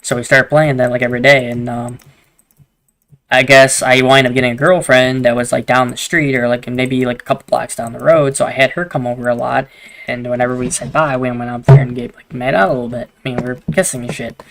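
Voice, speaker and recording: Young male host, mid-pitched, loose storyteller who swears freely and keeps restarting his sentences. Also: fairly even intonation, a little fast, gravelly, fairly bright tone. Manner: rambling, swears a lot, restarts often. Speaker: gaming video host. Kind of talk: casual storytelling chat while gaming.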